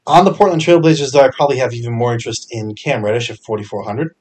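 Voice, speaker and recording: A young man hosting a fantasy sports podcast, talking casually with energetic bursts and frequent fillers. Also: medium pitch, fast, slightly rough. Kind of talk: casual solo podcast picks.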